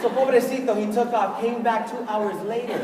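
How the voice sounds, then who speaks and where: A man whose first language is Spanish, giving a humorous motivational keynote, animated and switching between English and Spanish. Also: very high voice, a little fast. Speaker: keynote speaker. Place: large conference hall. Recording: echoey hall from far off, loud crowd. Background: audience laughter and noise.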